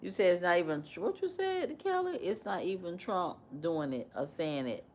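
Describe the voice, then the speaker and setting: A woman hosting a casual livestream, animated and repetitive as she questions and mimics her commenters. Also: lowish voice, normal speed, slight background noise. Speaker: livestream host.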